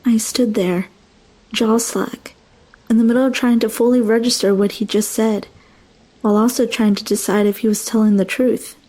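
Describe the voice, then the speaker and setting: A woman's voice: on the high side, fairly even intonation, moderate pace, warm tone. A young woman narrating a first-person horror story with dramatic, emotional delivery.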